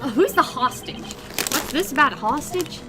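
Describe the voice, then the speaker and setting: A woman's voice: sits high, lively intonation, normal speed, music in the background, pitched above the performer's own voice. A woman voicing a young male lawyer in a video game, with dry, sarcastic asides.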